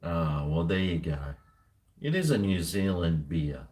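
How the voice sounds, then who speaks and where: A man's voice: deep voice, sing-song, a little slow, darkish tone. A man chatting casually and cheekily with viewers on a live stream, joking and trading slangy banter as he tastes a beer.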